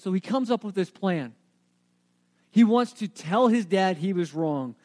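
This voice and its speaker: A male preacher with a strikingly high voice delivers a sermon. He retells the story with animated energy, throwing rhetorical questions at his listeners. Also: measured pace.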